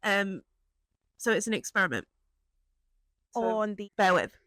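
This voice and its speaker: A young British woman chatting casually in a vlog about her small craft business, rambling and laughing often and jumping up into high excited tones. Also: a little slow, no room sound. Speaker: small business owner and vlogger.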